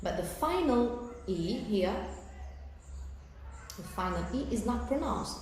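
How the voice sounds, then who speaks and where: A woman's voice: a little high, sing-song, darkish tone. Echoey Algerian-accented woman teaching English. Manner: slow, careful explanations with fillers and check-in "okay?". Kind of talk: recorded televised lesson. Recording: very echoey room with faint background noise.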